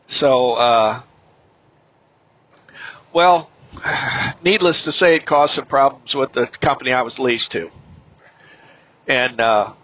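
A middle-aged man, a podcast guest, giving a personal testimony in a halting way, with many fillers and restarts. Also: medium pitch, pushed and bright, rough recording.

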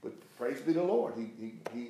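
A man's voice: medium pitch, very animated, fairly quick, warm tone. Emphatic preacher man, echoey room. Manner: emphatic, repetitive, preacherly cadence. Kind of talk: Bible teaching on a talk show.

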